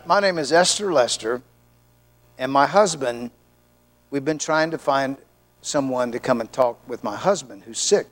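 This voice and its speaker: A middle-aged male pastor preaching a sermon, telling stories and acting out the voices of the people in them. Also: medium pitch. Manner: animated storyteller, acts out voices in anecdotes. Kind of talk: sermon with storytelling.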